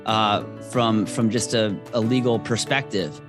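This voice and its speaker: A man, an attorney and radio host, talking in a measured, explanatory way as a podcast guest. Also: on the low side, music in the background. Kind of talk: casual talk.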